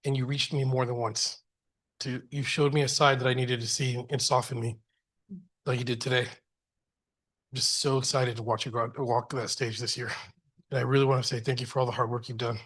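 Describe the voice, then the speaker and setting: A middle-aged man addresses a board meeting as a trustee, earnest and heartfelt. He talks in a middle pitch and often stops to restart a phrase. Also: little pitch movement, fairly quick, fairly bright tone, breathy edge.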